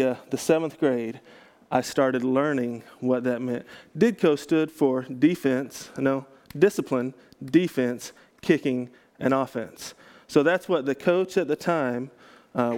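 A man's voice: mid-range voice, darkish tone. A man from Texas, a pastor, giving a casual teaching talk to a group, chatty and self-correcting, with joking asides.

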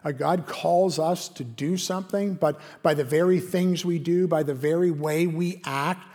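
A man's voice: a little high, fairly even intonation, a little slow, darkish tone. A man preaching a sermon as pastor, in an earnest, conversational way full of rhetorical questions. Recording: long reverb of a large hall.

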